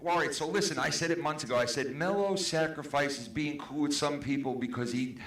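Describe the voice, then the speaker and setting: A man's voice: a little high, brisk, fairly bright tone. An adult man in a heated podcast debate, talking casually and defensively, swearing as he goes. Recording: echoey room.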